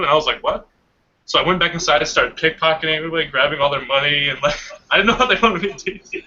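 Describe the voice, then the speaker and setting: A man's voice: fairly high pitch, quick pace, bright, forceful tone, dull audio. A young man in casual chat, animatedly telling a long dream story and laughing often. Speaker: hangout participant.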